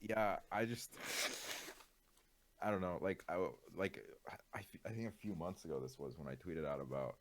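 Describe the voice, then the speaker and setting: A man's voice: deep voice, moderate pace. A male streamer in casual chat, ranting with exasperation, swearing often and leaning on fillers.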